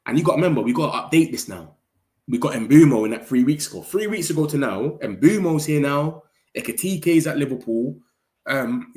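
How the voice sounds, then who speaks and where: A man, talking excitably in slang as a football fan streamer and reacting to his chat. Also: mid-range voice. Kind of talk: casual livestream commentary. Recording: roomy echo.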